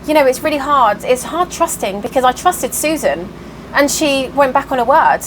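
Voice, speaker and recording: Woman vlogger, higher voice, tired and frustrated, venting to camera. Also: animated, normal speed, slight background noise, low-quality recording. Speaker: cross stitch vlogger. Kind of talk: casual chatty vlog update.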